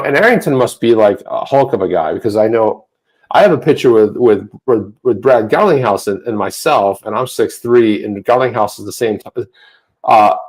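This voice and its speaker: Low-voiced man in rambling casual chat. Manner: rambling, animated when ranting, many restarts. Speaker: co-host. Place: home office.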